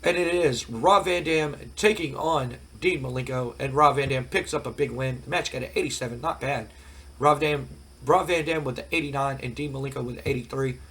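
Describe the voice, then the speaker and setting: A man's voice: medium pitch, fairly quick, a bit bright, slightly rough. Rambling man with a cold. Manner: rambling casual, many fillers. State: voice cracking from a cold. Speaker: gaming channel host. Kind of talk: let's play recap commentary.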